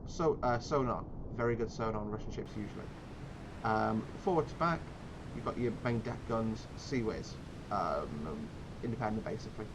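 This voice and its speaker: A man's voice: on the low side, animated, normal speed, noisy background. A man giving casual gameplay commentary, explaining tactics in a rambling way with many fillers and restarts.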